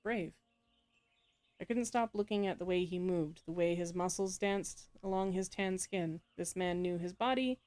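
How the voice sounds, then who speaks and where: Playing a story game, a woman with a lowish, darkish-toned voice reads its text aloud at normal speed. She tosses in casual remarks, laughing often and correcting herself as she goes.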